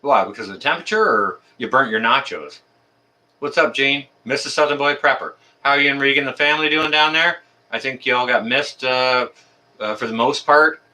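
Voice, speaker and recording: Speaking fairly quickly with a bright, forceful, medium-pitched voice, a man from Canada runs a casual livestream. He welcomes each viewer individually, chatty and friendly, with plenty of ums and uhs.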